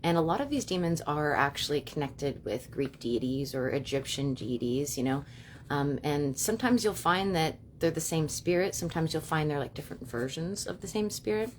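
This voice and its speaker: Woman, low voice, fast chatty live stream, filler-heavy, faint rumble behind. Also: expressive. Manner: fast, chatty, many fillers like "you know" and "like". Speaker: livestream host and witch. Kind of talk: casual live-stream talk. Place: at home.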